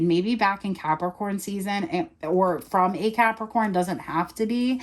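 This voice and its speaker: A woman's voice: mid-range voice, measured pace, few pauses. A woman doing a casual tarot reading, chatting and thinking aloud as she turns and reads the cards. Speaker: tarot reader.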